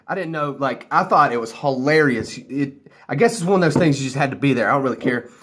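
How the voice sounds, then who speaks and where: A fast-talking American vlogger with a mid-range, fairly bright voice and lively intonation spins a rambling tale to camera. A few drinks in, he laughs a lot and keeps it loose and chatty.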